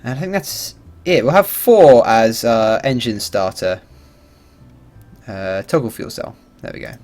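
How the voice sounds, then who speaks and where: Lively, rambling male game streamer. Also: mid-range voice, measured pace, soft background music. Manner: animated, rambling, swears and laughs freely. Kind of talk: casual livestream commentary.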